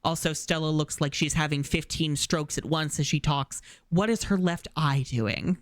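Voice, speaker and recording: A man's voice: a little high, normal speed, dry recording, clean studio sound. A man streaming live, giving sarcastic, ranting reaction commentary on a cartoon.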